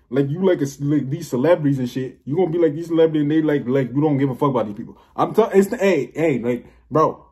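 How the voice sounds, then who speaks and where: Young male vlogger, emphatic, repetitive, quick delivery. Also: on the high side, darkish tone. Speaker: spiritual vlogger. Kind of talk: casual spiritual monologue.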